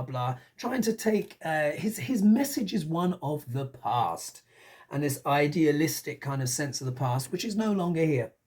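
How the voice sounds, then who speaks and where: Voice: medium pitch, a little mellow. A tarot reader giving a casual, musing reading, talking it through aloud and often tossing in rhetorical questions.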